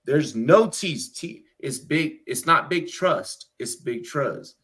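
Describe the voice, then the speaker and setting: Brief: male sports podcaster, fairly high voice, rambling and swearing. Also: expressive, slow, a bit bright, breathy edge. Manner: rambling, emphatic, profane. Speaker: podcast host. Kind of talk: casual sports chat.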